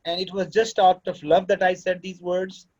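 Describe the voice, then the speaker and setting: Man, high voice, paternal lecturer, classroom, muffled lo-fi sound. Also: level tone, moderate pace, darkish tone. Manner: fatherly, lecturing, switches into Urdu. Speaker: course director and lecturer. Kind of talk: classroom talk to students.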